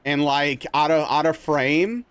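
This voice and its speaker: A young man streaming a game live, telling a rambling story in a casual, animated way with lots of filler words. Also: on the high side, a little slow, a little hiss or hum. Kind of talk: casual chat while playing a game live.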